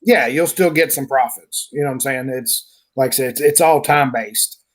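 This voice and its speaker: A man's voice: medium pitch, normal speed, poor audio. A man from a trading platform's team answering questions in a live online Q&A, speaking loosely and often repeating himself.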